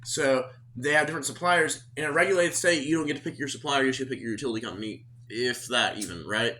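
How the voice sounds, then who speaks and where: A man's voice: mid-range voice, fast, bright, forceful tone. A man with an Oklahoma accent on a casual podcast, telling a rambling story full of swearing. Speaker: podcast host. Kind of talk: casual chat.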